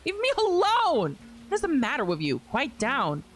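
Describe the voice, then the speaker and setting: A woman voicing a desperate young nun in a high, pleading voice. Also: big pitch swings, fairly quick, slight background noise. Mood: frantic.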